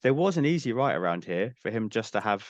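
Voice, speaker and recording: A man with a low voice discusses a film on a podcast. He talks in a measured, thoughtful way. The sound is close and dry. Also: very animated, no room sound. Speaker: podcast host.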